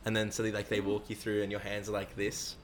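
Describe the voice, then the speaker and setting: A young man rattles through a rambling story at a fast clip, acting out the voices of the people he quotes. His voice sits fairly low and his talk is loose and full of swearing. Faint noise sits under the recording. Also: monotone. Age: young adult. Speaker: interviewee. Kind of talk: casual storytelling with heavy swearing.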